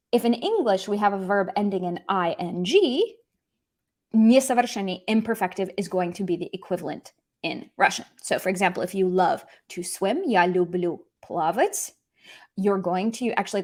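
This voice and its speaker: A young woman teaching a language lesson online, explaining with lively emphasis and slowly spelling out example words. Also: medium pitch.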